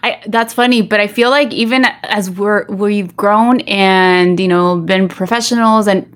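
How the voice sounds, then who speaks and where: A woman's voice: mid-range voice, measured pace. A woman co-hosting a casual podcast chat, talking in a chatty, self-deprecating way that switches between English and Spanish. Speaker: podcast co-host.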